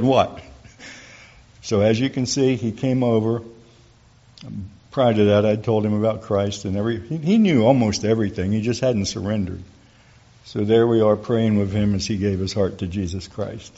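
A man's voice: on the low side, moderate pace, dark tone, husky. A middle-aged man telling a folksy church testimony to an audience, acting out the people he quotes. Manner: folksy storytelling, acts out quoted dialogue. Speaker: church speaker giving a testimony. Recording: dull lo-fi recording.

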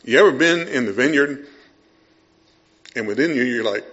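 Man, middle-aged pastor, storytelling sermon, swings from hushed to loud, dull lo-fi sound. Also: medium pitch, lively intonation, moderate pace.

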